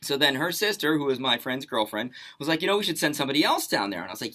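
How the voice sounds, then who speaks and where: A man's voice: sits high, fast talker, hardly any pauses. A young man co-hosting a radio show, telling a story in casual banter and acting out the quotes. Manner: animated storytelling with acted-out quotes. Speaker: radio co-host.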